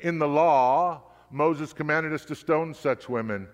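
A man voicing scheming male teachers of the law in a scripture reading, slow and pointed. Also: a little high, close to an everyday voice. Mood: accusing. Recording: long hall reverb.

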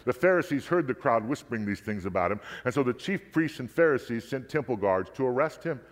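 Man reading scripture in a reverberant hall. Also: medium pitch. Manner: steady, measured narration. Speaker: scripture reader.

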